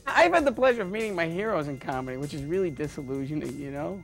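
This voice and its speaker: A man who is a stand-up comedian, rambling through deadpan jokes with lots of stammers and restarts. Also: fairly high pitch, fast talker, gravelly, faint music behind. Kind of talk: joking interview monologue.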